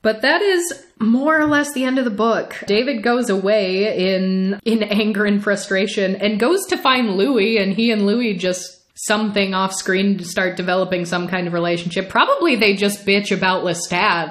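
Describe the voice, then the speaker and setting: A young adult woman hosts a podcast in a casual, wry style. She often laughs while she talks. Her voice sits at a middling pitch. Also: moderate pace, hardly any pauses. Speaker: podcast host. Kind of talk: casual book discussion.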